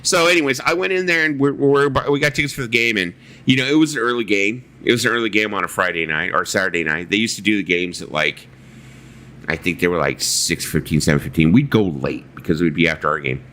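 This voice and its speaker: A man's voice: on the low side, quick pace, pushed and bright. A man hosting a casual livestream chat, telling rambling stories and reading viewer comments aloud, swearing freely. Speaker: livestream host.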